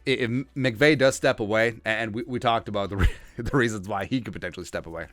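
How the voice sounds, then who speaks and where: A man's voice: on the low side, fast talker, a bit bright, no room sound, soft background music. Joking, rambling male sports podcaster. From Asian heritage, Minnesota fan. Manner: joking, rambling, mock voices for coaches. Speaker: podcast host. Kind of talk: comedic sports commentary.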